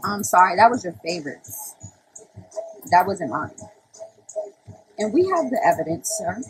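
A woman's voice: medium pitch, lively intonation, a little slow, noisy background. A young woman ranting casually on a phone livestream, brash and profane, often breaking into laughter.

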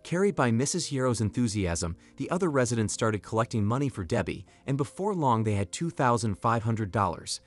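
A man narrates a storytime video in an even, clear delivery, his pitch moving up and down with life. Faint music runs underneath the whole read. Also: fairly quick, hardly any pauses.

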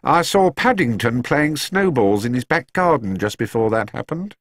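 A man voicing a brisk, matter-of-fact older housekeeper in a storybook reading. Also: medium pitch, animated, no echo, voice pushed up. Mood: knowing.

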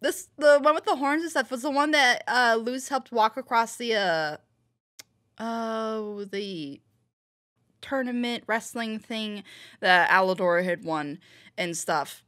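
A woman's voice: a little high, slow pace, a bit bright. A woman chatting casually as she reacts to a cartoon episode, rambling with fillers and restarts. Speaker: reaction video host. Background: show audio with music.

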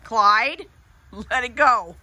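A woman's voice: fairly high pitch, extremely slow, sharp tone, dry recording. A woman at an animal rescue, talking to her animals in a cooing, sing-song baby-talk voice for a casual vlog.

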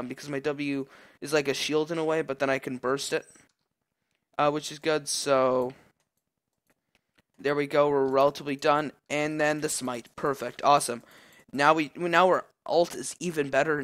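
Young man, gameplay commentary, slightly high voice, excitable, lots of fillers. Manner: excitable, yelling at big plays, many fillers.

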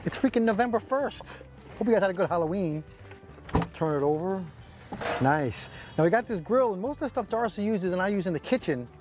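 A middle-aged man with a New York accent, chatting and joking while cooking outdoors on a boat, talking fast and mumbling his words together. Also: high-pitched, expressive, over music. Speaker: co-host of a fishing channel. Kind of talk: casual chat while cooking.

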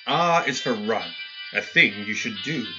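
A man narrating a story in a measured audiobook style, in a dull lo-fi recording. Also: on the low side, lively intonation, music in the background.

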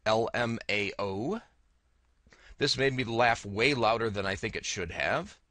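Brief: bright-toned male vlogger, deadpan and wry, voice-over recorded close and dry. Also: on the low side, measured pace, no echo. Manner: wry, deadpan storyteller reading out comments. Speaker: video creator narrating his own story. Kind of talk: casual narrated video diary.

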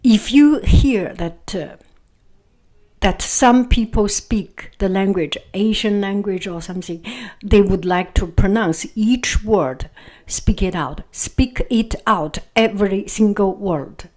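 Slow-speaking Chinese-accented woman. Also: medium pitch, dark tone. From China. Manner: repeats words, halting phrasing with fillers. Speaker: vlogger. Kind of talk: casual reflective monologue.

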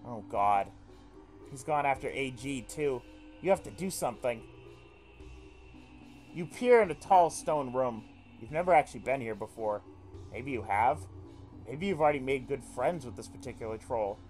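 A man's voice: mid-range voice, expressive, moderate pace, pauses often, darkish tone, soft background music. A man streaming a visual novel, reading the text aloud and reacting with frequent swearing. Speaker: let's play streamer.

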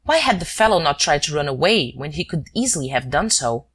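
A woman with a notably low, deep voice narrates an audiobook. Her delivery is measured and steady, carrying the story at an even, unhurried pace. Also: husky. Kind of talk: scripted narration.

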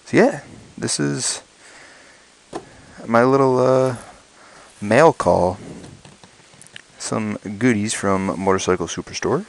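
A man unboxing motorcycle gear at home late at night, talking quietly and slipping into excited whispers so as not to wake a sleeping child. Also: sits low, rough recording. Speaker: motorcycle vlogger. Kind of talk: casual unboxing vlog.

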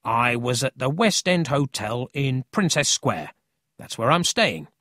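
A smug, slow-talking male thief, as a man puts him on. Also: medium pitch, expressive, bright, forceful tone, no room sound, studio quality. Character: lying adult male thief, smug and dismissive.

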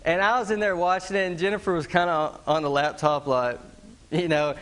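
A man's voice: fairly high pitch, steady tone, brisk, a bit bright. A middle-aged man, preaching a sermon in a folksy storytelling way, chuckling at his own tale and mimicking animal calls. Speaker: pastor.

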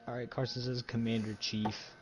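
A man's voice: mid-range voice, level tone, normal speed, noisy background. A young man chatting casually during a gameplay session, laid-back and teasing as he reads messages aloud.

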